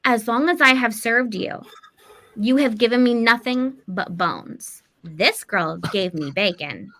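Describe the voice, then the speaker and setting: A woman voicing a sly house cat in a squeaky, drawn-out, innocent voice. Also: expressive, fairly bright tone. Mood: defiant. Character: sly clever house cat, faithful to the girl.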